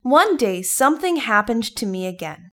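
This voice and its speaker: A woman from Thailand, a native Thai speaker, telling a personal story to her viewers in English. Her accent mixes Thai with British and American sounds, and she speaks in an earnest, gently encouraging way. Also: fairly high pitch, sing-song, normal speed. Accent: Thai mixed with British and American. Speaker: vlogger. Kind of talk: personal story told to camera.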